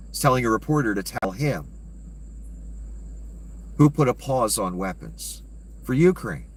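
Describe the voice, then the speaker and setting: A man's voice: medium pitch, very animated, moderate pace, pauses often, slightly rough. A man giving an angry, profane and sarcastic rant of political commentary.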